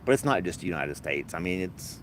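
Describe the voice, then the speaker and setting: A man's voice: deep voice, big pitch swings, fairly quick, slight background noise. A man hosting a casual podcast chat, rambling and wry, laughing at his own jokes. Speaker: podcast host.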